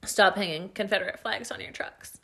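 A woman co-hosting a casual podcast chat, throwing in wry, quick quips and comments. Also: mid-range voice, fairly bright tone. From Washington state, US. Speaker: podcast co-host.

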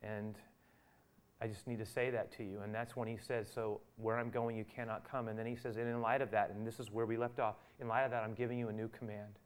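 A male pastor preaching a sermon, acting out the dialogue he quotes and rising from quiet to loud. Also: fairly low pitch, flat delivery, a little fast.

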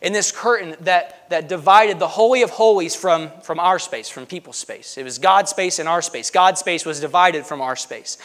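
A man preaching a lively sermon, emphatic and joking, swinging between loud bursts and hushed asides. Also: sits high, normal speed, hardly any pauses. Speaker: pastor.

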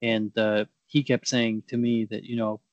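A man's voice: on the low side, little pitch movement, unhurried, no room sound, muffled recording, lightly acted. A man playing a brash male fruit-growing scientist in an improv comedy sketch, talking in pushy, rambling banter. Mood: heated.

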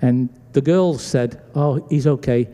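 A pastor from Britain delivers a sermon in an unhurried way, his pitch medium. Animated as he tells his story, he voices its characters' dialogue; the church sanctuary lends a long hall reverb.

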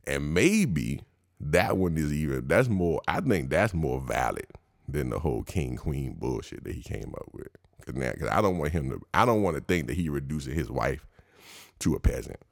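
A man's voice: extremely low pitch, very animated, moderate pace, creaky, no room sound, clean studio sound. A male podcast host in a slangy, profane comedic monologue, laughing at his own riffs.

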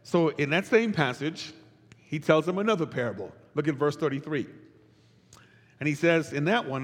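High-voiced man preaching in reverberant hall. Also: normal speed, long pauses. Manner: rhythmic repetition, call-and-response, rising to shouts. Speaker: pastor. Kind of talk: sermon. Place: church service.

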